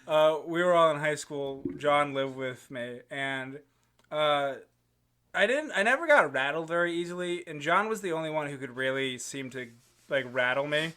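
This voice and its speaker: A man's voice: a little high, lively intonation, moderate pace, bright, forceful tone, clean tone. A young man telling stories on a casual podcast chat, laughing often as he talks. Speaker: podcast co-host.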